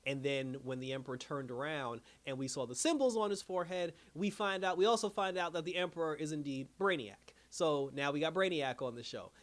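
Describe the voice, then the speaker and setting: A man's voice: a little high, brisk, few pauses. A man giving a casual, rambling recap of a cartoon episode, full of fillers and acted-out quotes. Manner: rambling, animated retelling with many fillers. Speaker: episode reviewer.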